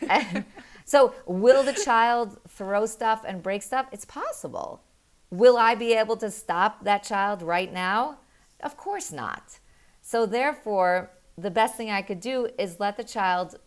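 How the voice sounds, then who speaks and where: A middle-aged woman and mother explaining parenting in an earnest, animated way, telling stories with quick laughs. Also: medium pitch. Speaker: parenting guest. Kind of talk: conversational explaining.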